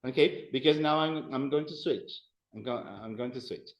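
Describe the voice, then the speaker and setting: A man's voice: medium pitch, moderate pace, echoey room, dull audio. A man teaching a language class, patiently repeating phrases for his students to drill. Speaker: Spanish teacher.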